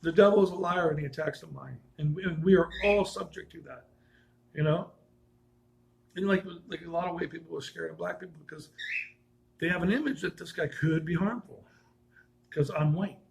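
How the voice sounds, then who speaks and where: A man with a gravelly, fairly high voice tells his own stories in a loose, casual way. He wanders, restarts sentences and corrects himself, chuckling now and then as he talks. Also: normal speed, long pauses, low-quality recording. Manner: rambling, with frequent restarts and self-corrections; chuckles while telling stories. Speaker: vlogger telling personal stories. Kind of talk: casual personal storytelling.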